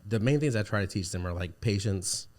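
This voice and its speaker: Male guest, 40s, low-pitched voice, rambling and casual storyteller. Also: fairly quick, a little mellow. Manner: rambling, with many restarts and fillers. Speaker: podcast guest. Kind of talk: casual conversation.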